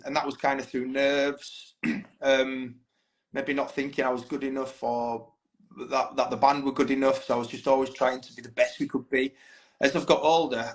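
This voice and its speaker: In a low-quality recording, a mid-range male voice belongs to a band's frontman appearing on a casual podcast. He's chatty and candid in his storytelling, cursing freely and dropping "mate" repeatedly.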